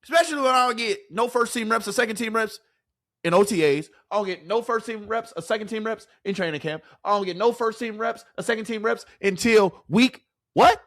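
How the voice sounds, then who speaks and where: A man's voice: high-pitched, brisk, fairly bright tone. A man putting on the voice of an indignant young male quarterback who fires off exasperated rhetorical questions.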